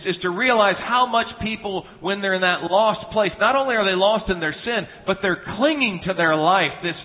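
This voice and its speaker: A man preaching at a church conference, earnest and humorous, telling homespun stories with frequent restarts. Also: on the high side. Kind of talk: sermon with anecdotes. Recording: tinny phone-like sound in a reverberant hall.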